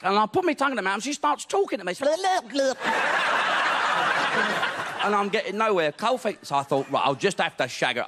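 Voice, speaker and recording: A male stand-up comedian telling a crude story, laughing through his lines. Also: high-pitched. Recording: very noisy recording.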